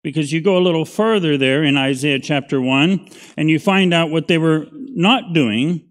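A man's voice: a little high, moderate pace. A middle-aged man, a pastor teaching a Bible study in a conversational, folksy way, often checking in with "right?".

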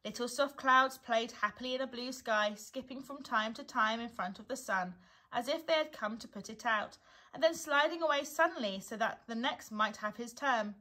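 A woman, a primary school teacher, reading a children's storybook aloud in a gentle, unhurried way. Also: a little high.

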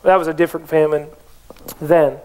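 A man's voice: fairly high pitch, little pitch movement, normal speed, a little mellow. A man preaching a sermon as pastor of a church, emphatic, with rhetorical questions to the congregation.

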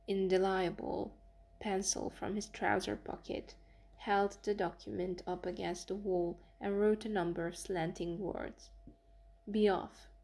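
A woman narrating an audiobook in an even, measured reading. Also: medium pitch, vocal fry. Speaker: audiobook reader.

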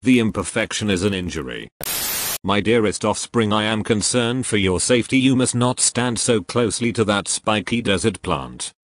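A man's voice: fairly low pitch, moderate pace, noisy background. A man dubbing short comedy sketches, speaking every line in a stiff, overly wordy, formal way. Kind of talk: comedic dub of cartoon sketches.

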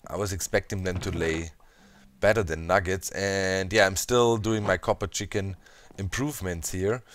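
A man with a German accent hosting a gaming video, talking to viewers in an animated, playfully scheming way. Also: low voice, dry recording. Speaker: Minecraft let's play host. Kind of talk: gaming commentary.

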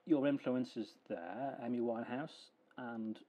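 A man hosting a radio interview, affable and quick, often trailing into fillers as he asks his questions. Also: medium pitch, mellow, low-quality recording. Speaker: radio show host. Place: radio studio.

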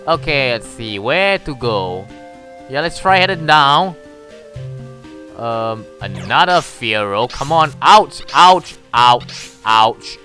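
A man's voice: medium pitch, big pitch swings, takes it slowly, sharp tone, soft background music. A man giving casual let's-play commentary, exasperated and swearing mildly at the game. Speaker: gamer.

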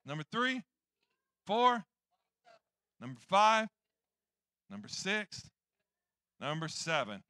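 A man's voice: sits high, very animated, takes it slowly, pauses often, sharp tone, no echo. A man preaching a sermon in church, rambling and joking at his own expense. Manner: rambling, joking, self-deprecating.

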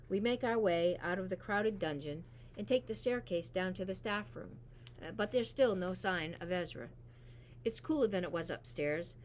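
A woman reading a novel aloud in a steady, even narration. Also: on the low side, a little hiss or hum. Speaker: reader. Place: school library.

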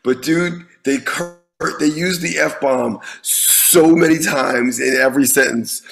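Gravelly-voiced man telling a story. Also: mid-range voice, slow pace, rough recording. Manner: animated, swears freely, repeats words when restarting. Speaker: guest musician. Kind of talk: casual storytelling in an interview.

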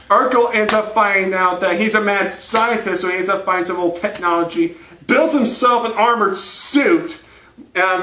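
A man telling a rambling, crude comic story, laughing often and slipping into quick character voices. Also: sits high, pushed and bright, far from the mic, slight background noise. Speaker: host. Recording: echoey room.

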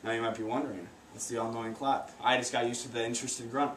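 Talking fast in a steady, mid-range, fairly bright voice, this teen boy fumbles through an amateur comedy routine, awkwardly tripping over lines and starting over many times. The audio is distant and roomy, with a faint hiss.

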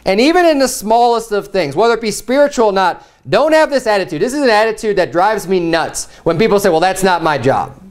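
A man's voice: high voice, very animated, fast, hardly any pauses. A man preaching a sermon in a church in a conversational way, often restarting and repeating words.

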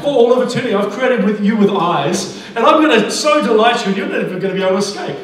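Energetic high-voiced male preacher in echoey hall. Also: fast talker, hardly any pauses, very noisy. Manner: energetic, exclamatory preaching with frequent laughter. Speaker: pastor. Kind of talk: sermon. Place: large church auditorium. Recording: very echoey hall, mic at a distance.

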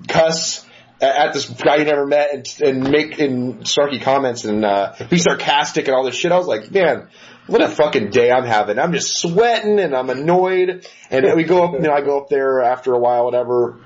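Fast-talking profane podcast man, muffled. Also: mid-range voice. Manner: profane, rambling, animated storyteller. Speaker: podcast co-host. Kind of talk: casual storytelling chat. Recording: muffled lo-fi recording with faint hiss.

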